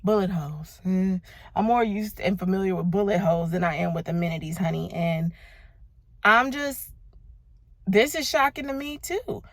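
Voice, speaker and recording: A woman's voice: medium pitch, moderate pace, no echo, clean studio sound. A woman in her thirties from Los Angeles, talking casually and emphatically about her faith and her year, calling listeners "baby" and "y'all". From Los Angeles, United States. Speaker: vlogger.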